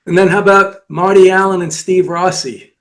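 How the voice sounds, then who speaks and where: High-voiced man telling anecdotes. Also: steady tone, moderate pace. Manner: anecdotal, lists names, retells old jokes. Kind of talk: casual chat.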